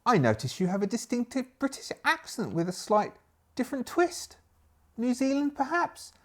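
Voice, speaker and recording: A man voicing an eager, inquisitive young male student in a solo tabletop game, raising his voice high for the part. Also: wildly swooping pitch, normal speed, a bit bright, full character voice.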